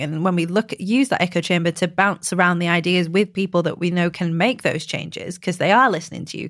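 Brisk, engaged woman host; slightly low voice; dry, close recording. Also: no room sound. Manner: quick, engaged, chatty. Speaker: podcast host. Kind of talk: casual podcast interview.

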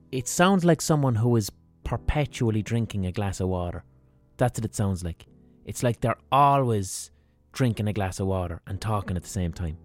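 A man's voice: on the low side, darkish tone, no echo. A man with a Limerick accent hosting a podcast with a rambling, sweary comic monologue. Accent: Limerick, Irish. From Ireland. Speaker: podcast host.

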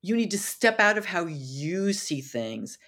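A woman author, a podcast guest, explaining storytelling with lively retellings of film scenes. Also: fairly low pitch, a little slow. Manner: animated, acts out dialogue in quotes.

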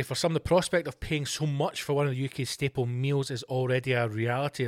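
A Scottish man hosting a podcast, reading news items aloud and ranting about them in a sweary, exasperated way. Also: mid-range voice. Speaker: podcast host.

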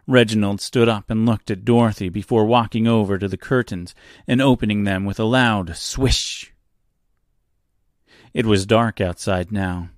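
A man narrating a chapter of a novel as an audiobook, in a measured storytelling way. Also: on the low side, dry recording, clean studio sound.

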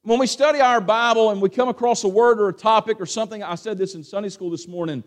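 A man's voice: high voice, quick pace. A man preaching a sermon in church, folksy and casual, reading scripture aloud with rising emphasis. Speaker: pastor. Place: church sanctuary.

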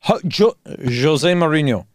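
A man's voice: a little high, lively intonation, slow, dry recording, studio quality. A young man, co-hosting a podcast in casual chat, full of slang and swearing as he tells stories. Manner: slangy, storytelling, swears freely. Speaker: podcast co-host.

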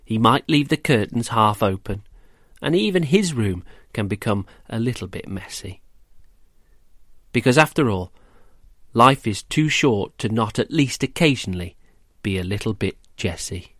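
A man reading a rhyming children's story aloud, gentle and measured, then quizzing children about it. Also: mid-range voice, lively intonation, no echo, studio quality. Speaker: storyteller and host.

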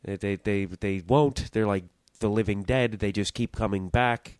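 A man's voice: fairly low pitch, steady tone, normal speed, darkish tone, smooth, dry recording. A young man hosting his own podcast, telling a story in a rambling, self-interrupting way and swearing casually. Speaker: podcast host.

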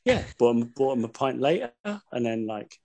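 A man's voice: medium pitch, very animated, brisk, creaky, dark tone. A man chatting as a podcast guest, rambling through anecdotes with lots of swearing and laughter. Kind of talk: casual chat.

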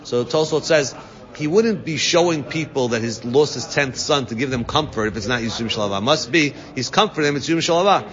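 A man's voice: mid-range voice, lively intonation, fast talker, a bit bright. A man teaching a Talmud class to students, translating each Aramaic phrase into English. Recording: dull lo-fi recording, long reverb.

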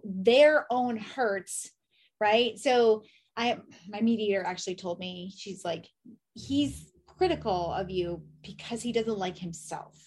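A woman guest on a podcast in casual conversation, reflective and working through questions aloud. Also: on the high side.

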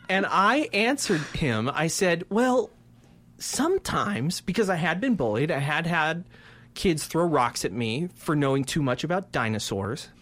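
Self-mocking male podcast storyteller, slightly high. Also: a little slow. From Colorado. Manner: self-deprecating, animated storyteller. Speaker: podcast co-host. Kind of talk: casual podcast chat.

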